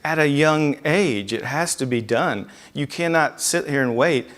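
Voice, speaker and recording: A man's voice: fairly high pitch, a little slow, fairly bright tone. A man in his forties, a dentist, telling a personal story to an audience in an earnest, emphatic way with many restarts. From United States.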